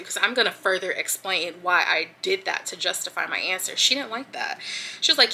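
A woman's voice: mid-range voice, fairly quick, bright, forceful tone, slight background noise, low-quality recording. A woman vlogger telling a personal story to her viewers in casual chat, with lots of fillers. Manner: chatty, addresses viewers as y'all, many fillers. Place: at home getting ready.

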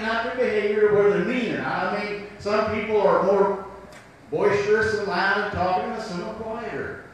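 A man's voice: high-pitched, fairly bright tone, very echoey, recorded from a distance, slight background noise, rough recording. A man with a Southern US accent preaching a sermon as pastor, folksy, asking rhetorical questions.

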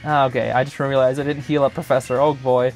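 A man's voice: mid-range voice, level tone, a little fast, faint music behind. A young man hosting a gaming channel, giving chatty, joking gameplay commentary full of filler words.

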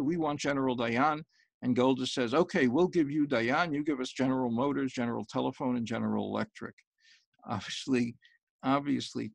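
Man telling jokes, gravelly and dry. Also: mid-range voice, no room sound. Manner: tells jokes in quoted voices, lively punchlines. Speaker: author giving a book talk. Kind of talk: storytelling lecture with jokes. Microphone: close online talk mic.

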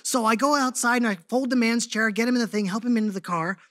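A man giving a sermon as a guest speaker, telling stories in an animated, conversational way with lots of casual fillers. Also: extremely high pitch, quick pace, no echo, studio quality. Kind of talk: storytelling sermon.

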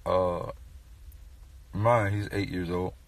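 A man's voice: low-pitched, fairly even intonation, takes it slowly, a little hiss or hum. A man talking to his viewers in a casual, profane, rambling way, telling a comic story with sudden raised outbursts.

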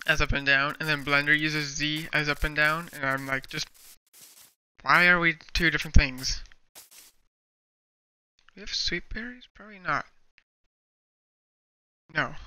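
A man with a rather high, very bright and crisp voice, chatting through a game stream on a headset mic. He rambles along and talks to himself, with faint music playing behind him. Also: rough recording. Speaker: gaming streamer. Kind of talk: casual gameplay commentary.

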